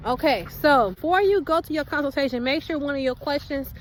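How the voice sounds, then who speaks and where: A young woman giving casual vlog advice in an animated, chatty, slangy way. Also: high voice, brisk, slight background noise, low-quality recording. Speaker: hair vlogger. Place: outdoors walking.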